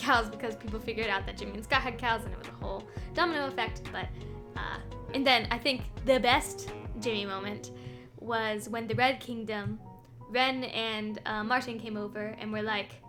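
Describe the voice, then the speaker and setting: A woman's voice: a little high, steady tone, a little fast, over music. A woman streamer chatting casually as she recaps a game series, rambling with lots of ums and small laughs. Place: home streaming setup.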